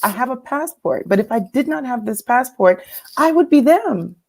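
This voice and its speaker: A woman's voice: high-pitched, expressive, moderate pace, vocal fry, a little mellow. A woman from California, telling a personal story as a guest speaker in a reflective, earnest way. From California, United States. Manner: reflective, earnest, with some laughter.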